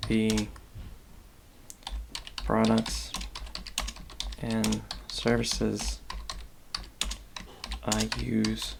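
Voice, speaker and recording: A man's voice: on the low side, creaky, noisy background. A man with a Boston accent, a podcast host rambling distractedly and muttering to himself while he works on a casual livestream.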